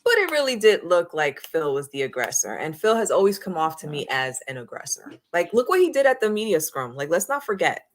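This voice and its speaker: A woman's voice: on the low side, sing-song, a little fast, hardly any pauses. A married woman hosting a casual wrestling talk show, blunt and opinionated, swearing freely as she gives her takes. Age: adult, married. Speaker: podcast host.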